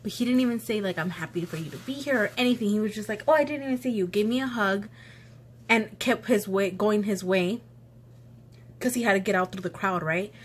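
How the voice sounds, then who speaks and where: A young woman tells a story-time vlog in a loose, chatty way, acting out what everyone said. Her nose is stuffy from allergies and she keeps breaking off to sniffle. Her pitch sits right in the middle, and a faint hiss of room ambience runs underneath. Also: fairly quick. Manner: chatty, animated retelling with quoted voices. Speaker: vlogger. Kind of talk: casual story time chat.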